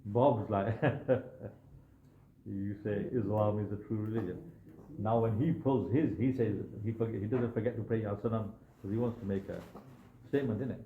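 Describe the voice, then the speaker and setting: A man's voice: on the low side, moderate pace, reverberant, phone-quality sound, slight background noise. A young man preaching a sermon, telling a story dramatically with frequent asides to his audience.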